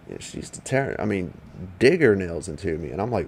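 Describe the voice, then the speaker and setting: A man's voice: on the low side, huge pitch swings, moderate pace, slight background noise. A man, streaming from home, rambles and swears as he chats casually with viewers. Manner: rambling, profane, talks back to viewers. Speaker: livestreamer. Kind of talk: casual livestream chat.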